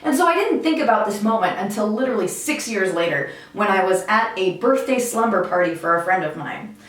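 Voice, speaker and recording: A woman vlogger telling a personal story in an animated, candid way, swearing casually now and then. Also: mid-range voice, brisk. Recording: very echoey room, mic far off, faint music.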